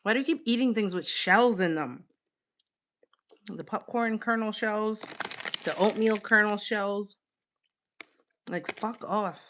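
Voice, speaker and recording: A woman streamer chats casually with her viewers in an unhurried, drawn-out way. Her voice is bright and forward. She teases playfully and swears in passing between bites of a snack. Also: medium pitch, slight background noise. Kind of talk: casual livestream chat with viewers.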